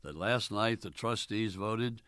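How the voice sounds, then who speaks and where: An older man, a former college basketball coach, telling stories in an oral history interview in a folksy, unhurried way with many fillers, acting out the dialogue. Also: fairly low pitch, fairly bright tone, clean tone, dry recording.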